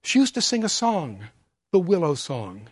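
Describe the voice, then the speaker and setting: A man's voice: a little high, normal speed, breathy edge, no room sound, full character voice. A man reading as a weary, sorrowful young heroine. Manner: quiet weary monotone.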